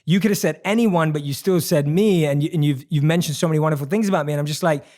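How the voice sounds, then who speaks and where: A male podcast host talks in a quick, effusive stream, his voice sitting fairly high. He heaps praise on his guest and often restarts his sentences mid-thought. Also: a little mellow. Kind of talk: casual interview chat.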